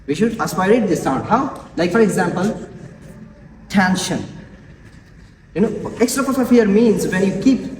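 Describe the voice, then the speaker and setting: Halting man presenting in echoey classroom. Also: high voice, expressive, darkish tone. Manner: repeats words and examples slowly, halting. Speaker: student presenter. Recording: echoey classroom from far off, noisy.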